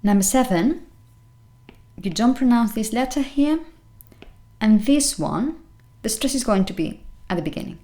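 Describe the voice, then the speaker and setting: Woman, pronunciation teacher, clear careful lesson delivery, slow repeated example words. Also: on the high side, animated, dark tone. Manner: repeats each word slowly and carefully.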